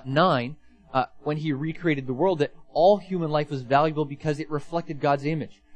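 A man's voice: on the high side, low-quality recording. A man preaching a sermon in an earnest, emphatic way, repeating words to drive points home. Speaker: pastor.

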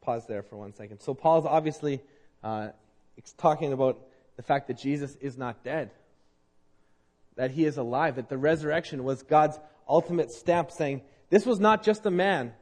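A man's voice: mid-range voice, normal speed. Earnest, emphatic preaching man. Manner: swings from loud emphatic preaching to quiet earnest appeals. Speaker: pastor. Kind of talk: sermon.

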